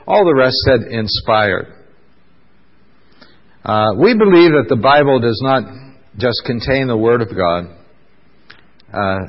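Preacher man in a reverberant church hall. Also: fairly low pitch. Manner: conversational, fills pauses with "uh", asks the congregation questions. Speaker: pastor. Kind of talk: sermon. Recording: dull lo-fi sound with long hall reverb.

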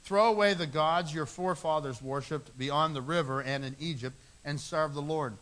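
Middle-aged pastor guy preaching, earnest, repeats stuff for emphasis, bright tone. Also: a little high, normal speed. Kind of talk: sermon.

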